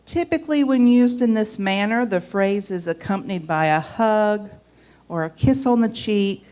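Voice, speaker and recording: A woman's voice: mid-range voice, normal speed, dark tone. A woman in her forties from the American South with a Southern accent, giving a homey church reflection with scripture reading and folksy asides. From Southern United States.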